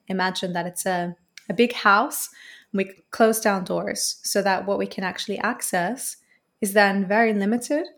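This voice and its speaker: An earnest woman, a voice coach appearing as an interview guest, gives a long, reflective answer in a mid-pitched voice. She develops her points through repeated phrases and a steady, flowing delivery.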